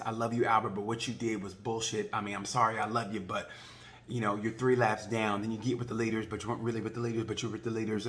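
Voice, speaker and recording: A man giving a casual, rambling race recap, joking and acting out quick voices along the way. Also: on the low side, fairly bright tone. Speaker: motorcycle racing video reviewer.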